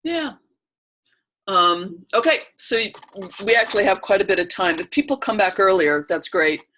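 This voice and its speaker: A woman leading a training session over a video call. She speaks softly and reflectively, unhurried, often pausing to search for words. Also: mid-range voice, expressive, a little hiss or hum. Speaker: workshop facilitator.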